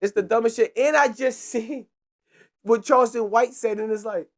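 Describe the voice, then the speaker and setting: A young man hosts his podcast with a loose, profane storytelling rant. His pitch jumps up and drops low as he acts out the scene, and he keeps breaking into laughter. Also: moderate pace. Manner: animated, profane, laughs while telling. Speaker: podcast host.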